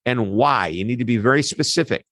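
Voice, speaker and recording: A man, a guest expert on an interview, explaining his ideas in an animated way with quick asides. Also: medium pitch, no room sound, studio quality. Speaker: customer service expert guest. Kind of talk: interview answers.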